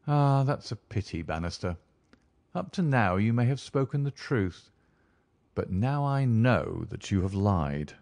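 A man voicing a calm, shrewd male detective who talks in a suave, measured, deliberate way. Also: on the low side, no echo. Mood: probing. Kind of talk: audiobook character reading.

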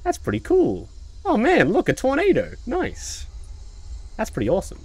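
A man's voice: sits high, wildly swooping pitch, normal speed, a little mellow, slightly rough, dry recording, voice pushed up, exaggerated voice. A man mimicking a cheery, oblivious man who is unfazed by horror, in goofy and dopey enthusiasm. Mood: oblivious glee.

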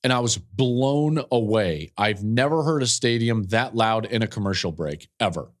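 A man's voice: fairly low pitch, expressive, moderate pace. Earnest, emotional male podcast host. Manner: earnest, openly emotional storyteller. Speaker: podcast host, football analyst. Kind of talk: podcast commentary, personal storytelling.

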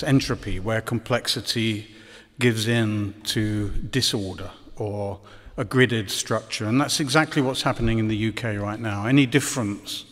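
A man giving a conference lecture, hesitant with many ums and dry ironic asides. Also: medium pitch. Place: lecture hall. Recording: long hall reverb.

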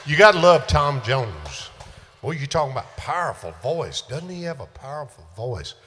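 A man's voice: mid-range voice, sing-song, normal speed, long reverb tail, faint music behind. An older man, a country singer chatting and telling stories between songs in a folksy, laid-back way. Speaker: country singer hosting a live show. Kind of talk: casual stage banter and storytelling. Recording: loud live band backing.

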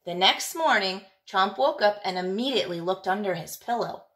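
Teacher lady reading a kids book out loud, sing-songy and lively. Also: medium pitch, moderate pace. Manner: expressive, lilting storytelling. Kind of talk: reading a picture book aloud.

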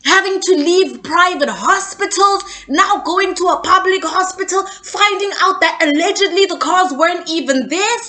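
Girl doing gossip commentary, high bright voice, sassy, keeps saying okay?. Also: normal speed. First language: not English. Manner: opinionated, sassy, asks "okay?" often. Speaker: gossip news vlogger. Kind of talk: casual celebrity gossip commentary.

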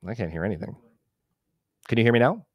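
Male instructor, lower voice, dry close sound, easygoing live tutorial delivery over a video call. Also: fast, dry recording. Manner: relaxed, explanatory, thinks aloud while clicking through. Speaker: webinar instructor. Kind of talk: live screen-share tutorial.

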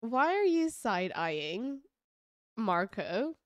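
A woman's voice: a little high, sing-song, very slow, dry recording, clean studio sound. Bubbly woman gushing over gameplay. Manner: gushing and chatty, giggles often. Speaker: let's play creator. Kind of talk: casual gameplay commentary.

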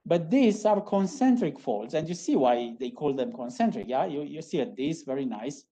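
A woman giving a university geology lecture, who ends phrases with a checking "yeah?" and repeats key terms, with frequent halting restarts. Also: low voice, expressive, dark tone.

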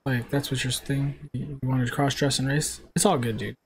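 A man's voice: medium pitch, steady tone, normal speed. A man in his twenties streaming a racing game, chatting casually, swearing and jabbing back at trolls in chat. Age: 20s. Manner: brash, swears, trades jabs with chat trolls. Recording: loud car game sounds behind. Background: racing game engine noise.

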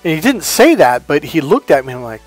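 A man casually telling personal stories to camera, animated and rambling, laughing as he goes. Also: on the high side, fast talker, soft background music. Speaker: spiritual coach and video host. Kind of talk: casual storytelling monologue.

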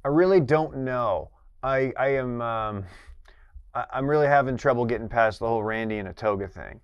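A man with a smooth, clean voice talks his way through a quiz answer, halting and stammering while he works it out. The sound is close and dry. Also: medium pitch, no room sound, muffled recording. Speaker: quiz contestant. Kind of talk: casual chat.

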